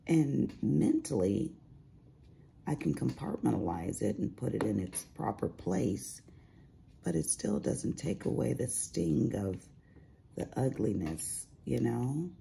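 A woman's voice: a bass voice, lively intonation, takes it slowly, gravelly, dark tone, a little hiss or hum. A middle-aged woman chatting casually while crafting at home, telling sassy stories with big swings in her voice. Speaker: crafting vlogger.

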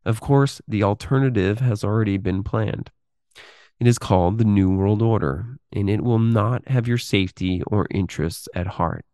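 Low-voiced guy reading stuff out on a podcast, slow and deliberate, then rambling with ums, dead dry sound. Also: dark tone, dry recording. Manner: deliberate reading, halting with fillers when speaking freely. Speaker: podcast host. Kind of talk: reading a text aloud with commentary.

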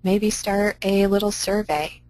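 A woman's voice: mid-range voice, steady tone, measured pace, darkish tone, faint music behind, rough recording. Woman library director giving a talk. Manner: upbeat, conversational, practical advice. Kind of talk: conference presentation.

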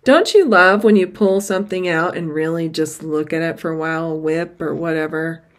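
A middle-aged woman chatting casually to camera about her stitching, excitable and gushing, with sudden high exclamations. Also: moderate pace. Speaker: cross-stitch vlogger.

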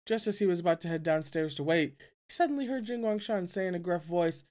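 A reader narrating a novel aloud at a middling pitch, in a relaxed, unpolished way. Words are often fumbled and corrected on the fly. Casual asides break into the reading. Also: quick pace, few pauses. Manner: stumbles over words and corrects them, groans at the text.

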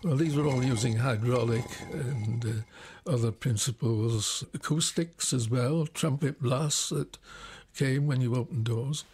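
A man in his nineties recalling his life in an unhurried interview, often pausing with "uh". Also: mid-range voice, a little mellow, slightly rough. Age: 90s. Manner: unhurried storytelling, frequent pauses with "uh". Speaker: interviewee, retired scientist and magician. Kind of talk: reminiscing interview.

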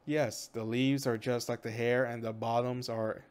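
A man voicing a young woman mercenary who is shy and defensive, reading her lines quickly in his own voice. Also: mid-range voice, little pitch movement, close to an everyday voice.

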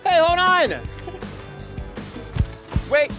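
A man hosts a street game show out on a boardwalk, his voice high and bouncing all over the place. He teases and banters in a playful, sassy way. Music plays underneath. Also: very animated, drawn-out words. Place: outdoors on a busy boardwalk.

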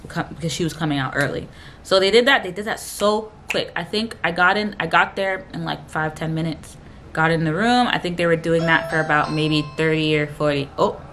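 A young woman vlogger chatting casually through a personal story, rambling with filler sounds and acting out other people's lines in a higher voice. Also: fairly bright tone, slight background noise. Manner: chatty and rambling, fills gaps with "da, da, da" and "blah, blah"; emotional retelling. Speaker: vlogger telling her own story.

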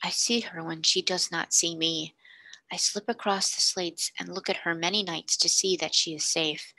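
A woman voicing a devoted male servant who speaks in a hushed, solemn, formal whisper. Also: lowish voice, vocal fry, no echo, exaggerated voice.

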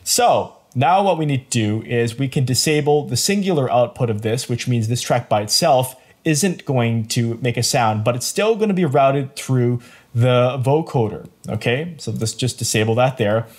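A man hosting a quick software tutorial in an upbeat, playful way, chuckling as he explains. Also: mid-range voice, animated. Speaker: tutorial host. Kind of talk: screen-recorded software tutorial.

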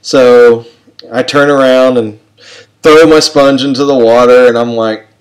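A man's voice: medium pitch, steady tone, a little slow, rough recording. Guy telling a self-deprecating story, lots of uh and so, just chatting it out. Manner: rambling, self-mocking, with frequent fillers and restarts. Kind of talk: personal anecdote told to an audience.

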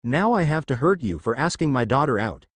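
A man's voice: medium pitch, very animated, a little fast, breathy edge, no echo. A man voicing a cold, threatening father protecting his daughter. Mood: menacing.

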